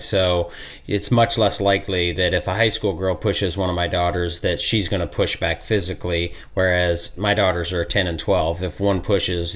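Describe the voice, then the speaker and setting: A man's voice: low-pitched, a bit bright. A middle-aged man hosting a podcast interview, talking conversationally and thinking aloud as he builds his questions. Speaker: podcast host.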